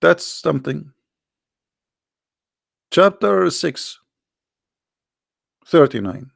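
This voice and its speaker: A man hosting sarcastic religious commentary, mocking and repetitive, in halting non-native English. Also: a little high, sing-song, gravelly, no echo, clean studio sound. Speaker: religious debate host.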